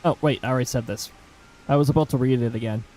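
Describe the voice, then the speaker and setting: A man's voice: mid-range voice, quick pace, warm tone, a little hiss or hum, rough recording. A man streaming a game, chatting casually with rambling asides.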